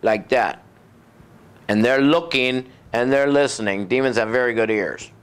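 A man preaching a sermon in a folksy, conversational way, acting out other people's voices and dropping low and soft for effect. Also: a little slow, smooth. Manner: acts out voices of demons and doubters, drops low and soft for effect.

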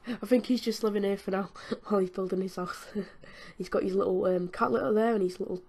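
A woman's voice: medium pitch, fairly even intonation, fairly quick, a little mellow, slightly rough. A British woman giving chatty, giggly commentary while playing a video game, talking to the game's characters as she goes. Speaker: gaming channel host. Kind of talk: casual gameplay commentary.

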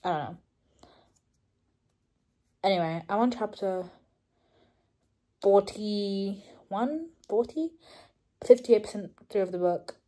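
A young woman talks casually through a reading vlog, her voice mellow and warm. She gushes excitedly, laughing at times, then drops into soft, hushed asides. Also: mid-range voice, slow, long pauses. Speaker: book vlogger.

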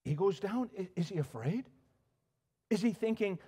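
Animated, high-voiced male pastor. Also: moderate pace, long pauses, breathy edge. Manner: animated storytelling with many restarts and fillers. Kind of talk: sermon.

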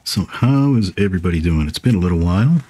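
A man's voice: low voice, animated, fast, mellow. A man casually commenting on his survival game as he plays, hiccuping on and off and chatting to himself and his viewers. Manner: chatty, talks to himself while playing. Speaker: gaming video host.

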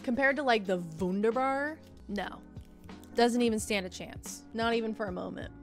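With soft music in the background, a young female streamer samples snacks in a relaxed, jokey chat full of giggles. She speaks at a normal speed in a fairly high, bubbly voice.

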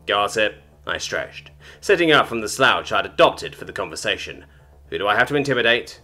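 Man, story narrator, wry and casual, bright, animated intonation. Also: lowish voice, a little fast. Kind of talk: first-person sci-fi story narration.

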